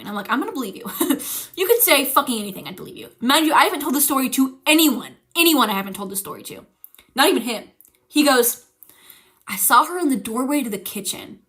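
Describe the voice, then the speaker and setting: High bright young woman telling a scary story. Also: quick pace. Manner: animated, swearing, frightened storytelling. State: teary-eyed. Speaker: streamer. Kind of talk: casual chat, storytelling. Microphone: streaming mic.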